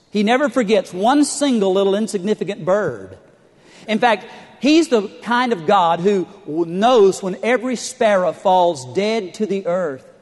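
A man's voice: high voice, big-room sound. A middle-aged male pastor preaching a sermon, telling stories with humor and building to emphatic points. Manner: storytelling with humor, rising emphatic delivery.

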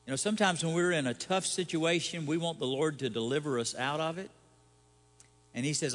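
A man's voice: fairly high pitch, brisk, a bit bright, long reverb tail. A man, a pastor, giving a conversational sermon with rhetorical questions and light humor.

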